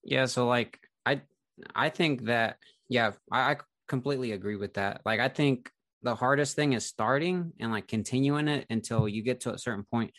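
A man's voice: mid-range voice, moderate pace, fairly bright tone, dry recording, clean studio sound. A man who runs an investing channel, talking in an easygoing, chatty way with many filler words during a casual conversation. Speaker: investing YouTuber. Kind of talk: casual conversation between creators.

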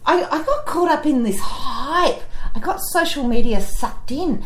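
Woman in her forties, podcast co-host, sarcastic and swearing, high animated voice, roomy echoey sound. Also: measured pace. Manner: joking, sarcastic, swears freely. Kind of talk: casual chat. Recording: roomy echo.

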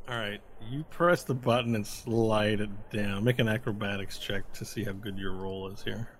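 A man's voice: on the low side, moderate pace, slight background noise. Rambling male game master. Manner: lively, rambling description with fillers. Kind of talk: narrating a tabletop game.

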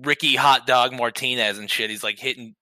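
A man's voice: medium pitch, steady tone, fairly quick, pushed and bright, dry recording. A man co-hosting a podcast in casual chat, blunt and swearing casually. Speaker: podcast co-host.

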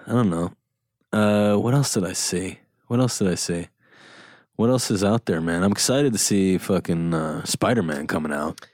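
A man's voice: low voice, moderate pace, darkish tone, no echo, clean studio sound. A man hosting a casual chat, rambling and joking with frequent laughs and swearing. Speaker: podcast host.

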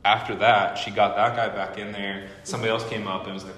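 A young man giving a guest teaching at a training school, telling stories in an animated way and acting out what people said. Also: lowish voice, fairly quick, hardly any pauses, slight background noise. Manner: animated storyteller acting out quotes. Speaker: guest lecturer. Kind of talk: storytelling sermon. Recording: echoey hall with long reverb.

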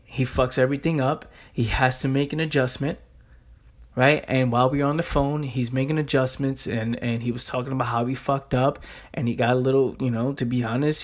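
A man of ordinary, middle pitch talks straight into the mic for his motivational podcast. He is blunt and profane, hammers his points by repeating them, and keeps checking in with the listener by asking "right?". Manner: repeats himself for emphasis. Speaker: podcast host.

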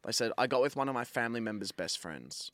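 A man's voice: mid-range voice, fast, dry recording. A man, co-hosting a casual podcast chat and telling stories with lots of swearing. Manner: animated storyteller, swears freely. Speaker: podcast co-host.

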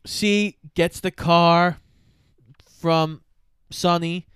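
A man's voice: on the high side, fairly even intonation, very slow, fairly bright tone, clear, resonant tone, no room sound, clean studio sound. A man casually retelling a film's plot scene by scene and voicing the characters he quotes. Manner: storytelling, voices characters in quotes. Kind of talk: casual chat recapping a film.

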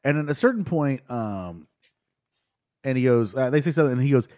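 A man's voice: mid-range voice, expressive, fairly quick, darkish tone. A man co-hosting a casual podcast, retelling scenes with many fillers and laughs. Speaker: podcast co-host recapping a show. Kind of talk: casual chat.

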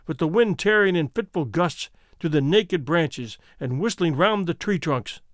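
A male host and storyteller reads his narration with lively, expressive swings in pitch. His voice sits a touch high for a man. The sound is close and dry, with no room around it. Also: no room sound. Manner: expressive, animated reading. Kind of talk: scripted narration.

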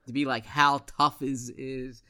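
A man co-hosting a sports podcast, explaining team news in a measured way with frequent restarts. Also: mid-range voice, flat delivery, bright, forceful tone, clean tone. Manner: measured, many restarts and fillers. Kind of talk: casual sports podcast chat.

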